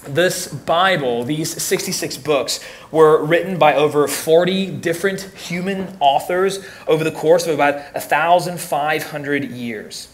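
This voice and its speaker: A man's voice: a little high, a little slow. Joking, conversational young male youth pastor. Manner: conversational, joking, repeats words when restarting. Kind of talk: casual teaching talk to teens.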